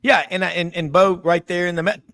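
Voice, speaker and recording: A man's voice: high voice, fairly even intonation, brisk, a bit bright, dry recording, studio quality. A man hosting a casual sports talk show, telling rambling stories and doing the voices of the people in them. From Memphis, US South. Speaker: host.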